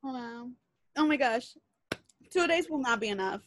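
A young woman with a high voice chats with a friend in a relaxed way and answers quickly. The recording is dry and close, with no room sound. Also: dry recording. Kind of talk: casual chat.

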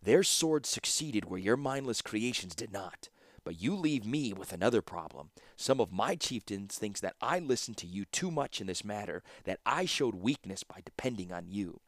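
A calculating male warlord, as a narrator puts him on in a storybook reading. His low voice is expressionless and measured, delivered slowly, and the sound is dry. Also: expressive, no room sound, close to an everyday voice. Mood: cold. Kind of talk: audiobook character voice.

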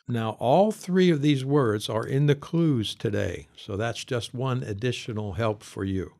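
A man's voice: medium pitch, darkish tone. A man teacher giving vocabulary clues to a class, reading each definition and then repeating it. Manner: repeats definitions slowly and clearly. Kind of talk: vocabulary lesson.

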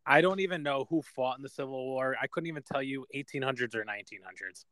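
A man's voice: mid-range voice, quick pace, fairly bright tone, dry recording. A young man co-hosting a podcast, chatting casually, swearing often and laughing at himself. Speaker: podcast co-host. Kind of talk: casual chat.

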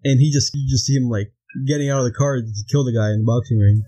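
A man's voice: medium pitch, fairly even intonation, mellow, slightly rough, poor audio. A young man casually discussing a film on a podcast, hesitant, with frequent restarts. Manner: halting, restarts a lot, laughs between thoughts. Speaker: podcast co-host.

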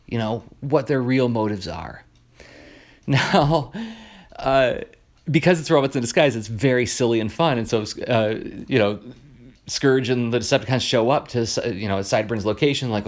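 A man hosting a podcast, telling an episode's story in a casual, animated way with many fillers and restarts. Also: mid-range voice, moderate pace. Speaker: podcast host. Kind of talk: casual commentary on a cartoon episode.

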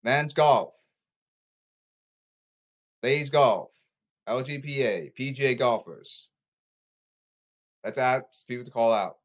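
A man ranting on his own podcast, repeating himself and calling people out, swinging from apologetic mutters to shouts. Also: mid-range voice, slow pace, long pauses, dull audio. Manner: repetitive, emphatic, calling people out. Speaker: podcast host. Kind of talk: rambling solo podcast rant.

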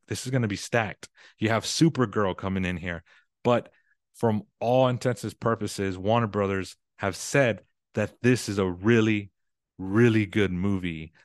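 A man talking through the news in a relaxed, offhand way, his voice sitting a little low. He rambles, fills his phrasing with "kinda" and corrects himself as he goes. The sound is dry and close, with no room around it. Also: no room sound. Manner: chatty, loose phrasing with frequent "kinda" and self-corrections. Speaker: commentator. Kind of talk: casual solo commentary on news and movies.

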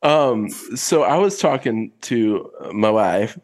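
A podcast host in his late twenties with a fairly low voice. He chats casually and tells stories in a dry, wry manner, dropping in short laughs. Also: animated, slow pace, long reverb tail. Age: late 20s. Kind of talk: casual chat.

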